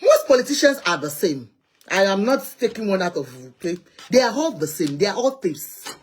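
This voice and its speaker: A woman, a husky-voiced Nigerian host with a Nigerian accent, who swings her voice up and down as she rants, pleads and chats. She runs a live call-in show from inside a heated car, talking freely and with feeling. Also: medium pitch, normal speed. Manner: animated, chatty, rants and pleads. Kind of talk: opinionated live social commentary.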